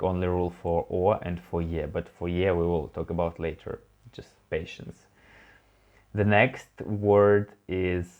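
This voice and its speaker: Low-voiced, slow, relaxed male language teacher. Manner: relaxed, rambling, many fillers and self-corrections; slow, drawn-out demonstration of words. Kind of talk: casual online lesson. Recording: dull lo-fi home recording.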